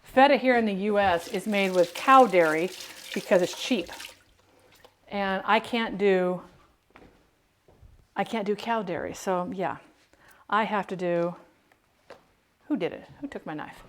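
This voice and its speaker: A woman's voice: medium pitch, a little slow, long pauses. A woman chatting casually while she cooks, rambling and interrupting herself, from the United States. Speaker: home cook and streamer. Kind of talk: casual cooking chat.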